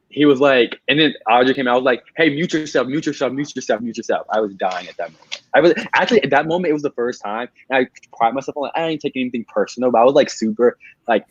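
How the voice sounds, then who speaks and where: A man's voice: medium pitch, no echo. A man, a game's winner, recapping his moves in a casual podcast chat, rambling and acting out what he and others said. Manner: rambling storytelling, quotes himself. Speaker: game winner guest. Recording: dull lo-fi sound.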